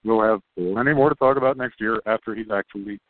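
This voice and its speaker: A man with a lowish voice explains things calmly as a podcast guest. The sound is tinny and phone-like, with a dry, close quality and no room echo. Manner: calm, unhurried explaining. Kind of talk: casual podcast conversation.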